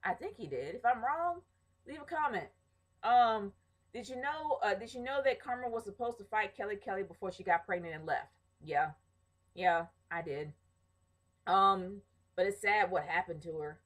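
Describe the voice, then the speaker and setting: A woman in her thirties talks casually to her camera as a vlogger, answering viewer questions one by one. She is chatty and opinionated, with plenty of ums and little restarts. Her voice sits in a middle pitch. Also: lively intonation, moderate pace, a bit bright, rough recording. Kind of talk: casual chat.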